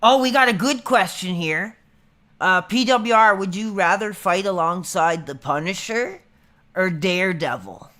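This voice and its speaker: Man, 30s, livestream host; casual rambler, bright edgy tone. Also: high voice, measured pace. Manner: rambling, laid-back, says dude a lot. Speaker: streamer.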